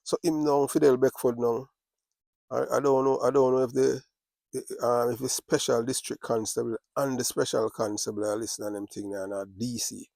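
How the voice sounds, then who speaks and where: A man's voice: medium pitch, fairly even intonation, fairly quick, vocal fry, darkish tone, no echo. Man, Jamaican accent, casual monologue, patois-laced boasting, dry sound. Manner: patois-laced, repetitive, boastful street talk.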